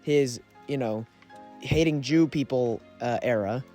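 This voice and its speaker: A young man co-hosting a podcast, casually telling a story with frequent laughs and quick asides. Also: mid-range voice, dark tone, faint music behind. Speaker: podcast co-host. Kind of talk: casual chat.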